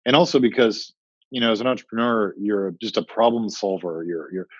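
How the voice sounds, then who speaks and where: Casting: low, husky male founder, animated storyteller, slightly muffled podcast sound. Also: a little fast, dry recording. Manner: animated storytelling, acts out quoted dialogue. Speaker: startup founder and guest. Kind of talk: casual interview talk. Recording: muffled dry podcast audio.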